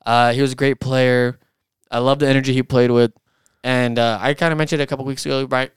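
A man's voice: medium pitch, little pitch movement, fast, clean tone, dry recording, studio quality. A man co-hosting a casual sports chat, easygoing and teasing. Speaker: podcast co-host.

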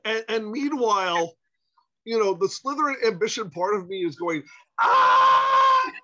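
Guy telling a story on a podcast, lots of stammering, really lively pitch, kinda muffled. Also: normal speed. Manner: animated, stammering restarts. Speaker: podcast guest. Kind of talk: storytelling anecdote. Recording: muffled lo-fi audio.

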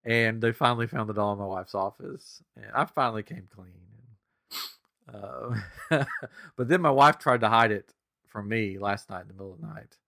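A middle-aged man on a podcast, telling a funny home story in a casual, animated way and laughing often. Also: fairly low pitch, moderate pace, vocal fry, dry recording, studio quality. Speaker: podcast co-host.

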